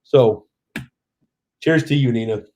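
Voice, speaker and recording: A middle-aged Oklahoma man with a Southern accent speaks slowly in a warm, medium-pitched voice. A bit tipsy from drinking, he hosts a casual late-night live stream from home, reading viewer comments aloud.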